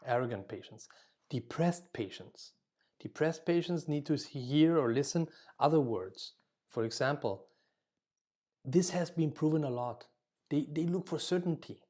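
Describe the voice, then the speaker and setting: Warm-toned man lecturing dentists. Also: on the high side, expressive, unhurried. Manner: explains with example phrases, frequent "okay?" check-ins; self-corrects mid-word. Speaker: dental communication instructor.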